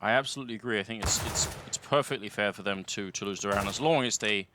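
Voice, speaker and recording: A man's voice: on the low side, fast talker, noisy background. A man casting a live esports match, calling the action and trading dry, wry banter with his co-caster. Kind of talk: live play-by-play commentary.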